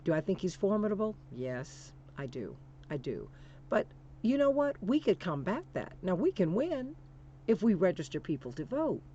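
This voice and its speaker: A woman's voice: mid-range voice, big pitch swings, normal speed, dark tone, dull audio, a little hiss or hum. A woman hosting a political talk show, speaking with emphatic, preacher-like repetition and calling listeners "honey". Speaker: radio talk show host.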